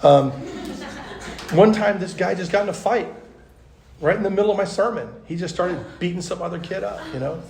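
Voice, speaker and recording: A man, a pastor, teaching at a youth conference in a chatty, animated storytelling way, full of fillers. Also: high-pitched, moderate pace, creaky, slight background noise. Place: large conference hall. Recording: echoey hall.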